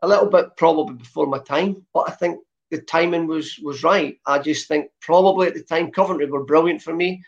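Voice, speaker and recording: Scottish man with a softened Glasgow accent. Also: a little high, fairly quick, creaky. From Scotland. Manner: lots of uh fillers, chatty storytelling. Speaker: guest, former footballer. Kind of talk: relaxed interview chat. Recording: dull lo-fi sound.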